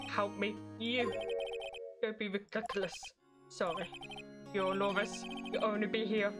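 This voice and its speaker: A woman's voice: mid-range voice, little pitch movement, unhurried, lightly acted. A woman voicing a cold, haughty male prosecutor, curt and dismissive, while reading game dialogue. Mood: scornful. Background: game music.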